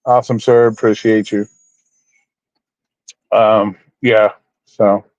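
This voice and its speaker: A man's voice: fairly low pitch, little pitch movement, takes it slowly, a little mellow, no echo. Dude rambling on his livestream, repeats stuff, swears, kinda muffled dry audio. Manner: rambling, repeats himself, talks to chat by name; blunt, swears, mock-preachy. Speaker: livestream host. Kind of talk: casual livestream chat. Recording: dull, dry lo-fi sound.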